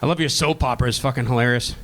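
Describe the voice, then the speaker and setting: A man's voice: mid-range voice, steady tone, a bit bright. A man from Vancouver doing a profane, brash stand-up comedy set on a club stage with a handheld mic. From Vancouver, Canada. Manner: brash, profane, fast-talking.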